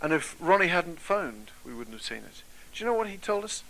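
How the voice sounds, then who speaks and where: Bright-voiced British man telling a story. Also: fairly high pitch, very animated, fairly quick, poor audio. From Britain. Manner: conversational, asks the audience questions. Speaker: motivational speaker. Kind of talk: storytelling talk to an audience.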